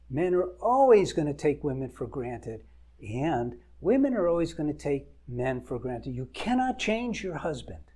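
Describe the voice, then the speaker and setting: Marriage coach, older male, unhurried delivery, emphatic advice to camera. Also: on the high side, warm tone, husky. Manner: earnest, emphatic lists.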